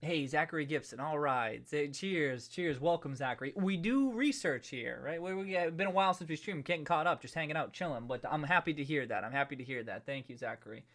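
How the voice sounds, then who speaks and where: A man with a voice on the high side hosts a live stream, talking a little fast with few pauses. Relaxed and rambling, he chats casually and greets viewers from the chat one by one.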